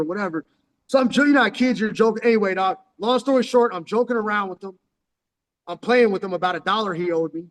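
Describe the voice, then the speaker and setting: A man from San Diego, telling rambling street stories into his phone in profane slang, calling the listener "dog" constantly. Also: sits high. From San Diego, California. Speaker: vlogger telling life stories. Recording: long hall reverb.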